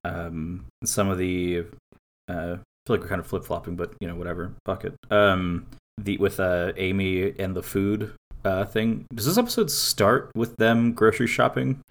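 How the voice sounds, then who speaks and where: Low-voiced rambling male podcast co-host. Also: normal speed. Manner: rambling, many fillers and restarts; quotes others in animated voices. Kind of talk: casual chat.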